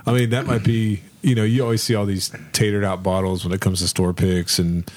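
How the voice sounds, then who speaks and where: A man's voice: on the low side, flat delivery, brisk, darkish tone. A man hosting a casual podcast, speaking in an easygoing, agreeable way. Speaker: podcast host.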